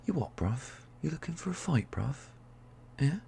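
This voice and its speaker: A man's voice: fairly high pitch, big pitch swings, moderate pace, gravelly, dark tone, a little hiss or hum, voice pushed up. A man putting on an aggressive young chav picking a fight, in a goading, confrontational voice.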